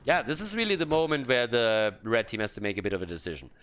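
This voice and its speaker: A man casting a video game match by himself, excited at big plays and calm between them. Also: mid-range voice, fast talker, slight background noise. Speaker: esports caster. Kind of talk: solo play-by-play commentary.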